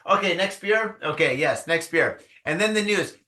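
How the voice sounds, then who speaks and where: A man from Michigan hosts a casual podcast chat with an animated storytelling manner. His voice sits a little high and sounds bright and forceful. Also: normal speed. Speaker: podcast host.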